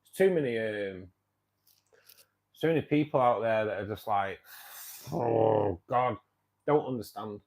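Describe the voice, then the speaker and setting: A man's voice: fairly low pitch, lively intonation, moderate pace, long pauses, darkish tone, low-quality recording. A middle-aged man hosting a live stream, chatting casually and rambling while reading out viewer comments with frequent laughs. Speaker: livestream host of a fishkeeping club.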